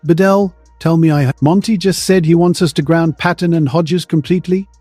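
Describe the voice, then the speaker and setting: A man voicing a calm, steely middle-aged American general who speaks quietly and firmly. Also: a little high, dry recording, faint music behind, natural voice. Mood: tense. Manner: quiet, measured, firm.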